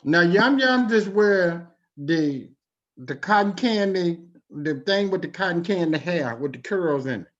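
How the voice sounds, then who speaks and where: A man's voice: high-pitched, lively intonation, unhurried, fairly bright tone, dull audio. A man hosting over a video call, chiming in with brief prompting replies in casual chat.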